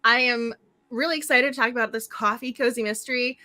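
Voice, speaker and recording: A woman hosting a book club livestream in casual, effusive chat, her voice slightly hoarse. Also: a little high, fairly even intonation, fairly quick, bright, forceful tone.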